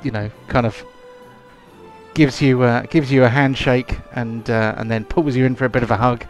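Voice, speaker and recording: A man's voice: medium pitch, fairly even intonation, normal speed, faint music behind. A man narrating as game master of a tabletop game, rambling with many fillers.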